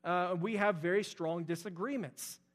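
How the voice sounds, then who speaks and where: Young male pastor, earnest sermon delivery, high voice, long church reverb. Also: moderate pace. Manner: earnest, repetitive emphasis.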